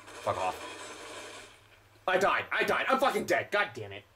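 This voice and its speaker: A man's voice: high voice, very animated, quick pace, sharp tone. Guy cursing his way through a horror game, voice all over the place, bit of hiss behind. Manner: frustrated, swearing, ranting at enemies. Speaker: gameplay streamer. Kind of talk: let's play commentary.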